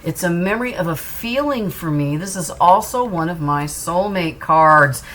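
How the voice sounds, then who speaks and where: A woman's voice: fairly low pitch, animated, normal speed, fairly bright tone, slight background noise. A woman giving a tarot reading to camera in an earnest, reassuring way, repeating phrases for emphasis. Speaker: tarot reader.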